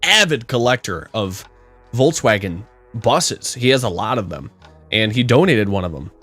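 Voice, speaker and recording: A young man co-hosting a podcast, telling stories in a casual, animated way, swearing and acting out the people he quotes. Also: mid-range voice, moderate pace, slightly rough. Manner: animated, swearing storyteller who acts out quotes loudly. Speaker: podcast co-host. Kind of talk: casual storytelling chat.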